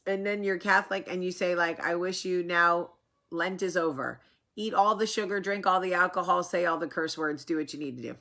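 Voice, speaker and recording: A woman hosting a casual vlog, talking to camera in a rambling, animated way, with a sore, swollen face after dental work. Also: lowish voice, a little fast, gravelly. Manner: chatty, rambling, animated asides. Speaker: vlog host.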